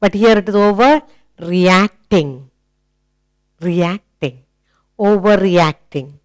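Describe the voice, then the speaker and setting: A woman with an Indian English accent teaching phonics to children, drawing out key words slowly and asking many questions. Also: mid-range voice, darkish tone. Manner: slow and deliberate, drawing out key words, asks frequent questions. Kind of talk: slow, animated teaching to children.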